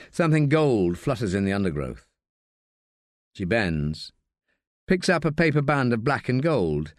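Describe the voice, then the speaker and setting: Expressive male audiobook narrator. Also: mid-range voice, dry recording, studio quality. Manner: measured, expressive storytelling.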